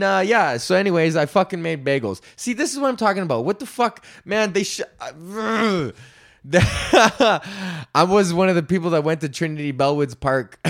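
A man's voice: fairly high pitch, a bit bright. A young man hosting his own podcast, ranting casually and swearing often as he rambles. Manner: profane, rambling, breaks into sung freestyle bits. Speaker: podcast host. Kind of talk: casual solo rant.

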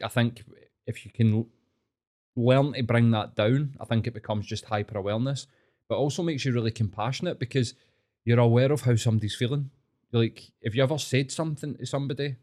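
A man's voice: mid-range voice, a little mellow. A man, a guest on a podcast, explaining ideas thoughtfully in casual chat.

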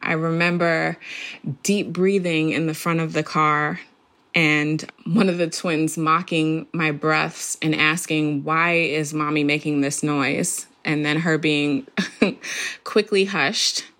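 A middle-aged woman calmly recounting a birth story, reflective and laughing softly at moments. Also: deep voice, slow pace. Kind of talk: storytelling interview.

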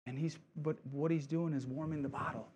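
Pastor guy preaching, chatty and encouraging, keeps asking right?, voice on the higher side. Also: fairly even intonation, brisk, darkish tone, slight background noise. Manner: conversational, asks congregation "right?" often; encouraging, repeats key phrases. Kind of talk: sermon.

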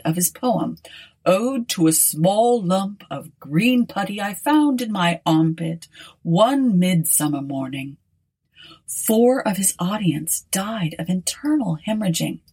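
A woman narrating an audiobook in a wry, expressive storytelling manner. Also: mid-range voice, husky.

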